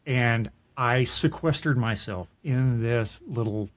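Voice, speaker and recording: A man's voice: mid-range voice, takes it slowly. Earnest middle-aged man telling his story. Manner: earnest, reflective, with frequent restarts and soft laughs. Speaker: podcast co-host. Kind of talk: casual conversational storytelling.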